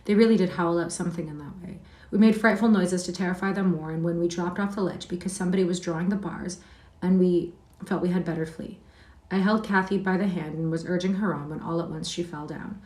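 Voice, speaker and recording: A woman's voice: fairly low pitch, fairly even intonation, a little fast, a little mellow, natural voice. A woman reading as Heathcliff, scornful wild boy. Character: Heathcliff, a wild defiant boy telling his tale. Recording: roomy sound from a distant mic.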